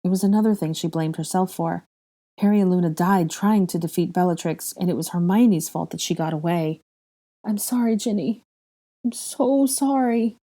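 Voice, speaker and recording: A woman reading a fan fiction chapter aloud as narrator, in a steady, measured way. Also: lowish voice.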